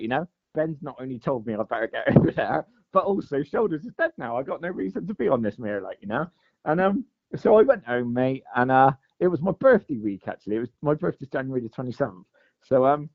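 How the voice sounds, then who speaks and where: A man telling a long fishing story in casual chat, saying "mate" and "like" all the time. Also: mid-range voice. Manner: chatty, says "mate" and "like" constantly. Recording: dull lo-fi sound.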